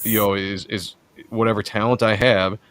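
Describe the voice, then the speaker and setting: A comic book artist chats earnestly on a podcast, circling his points with fillers. His voice sits on the low side. The sound is dry and close, with no room around it. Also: little pitch movement, moderate pace, a bit bright, no echo. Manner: rambling, earnest, lots of fillers. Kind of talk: casual podcast conversation.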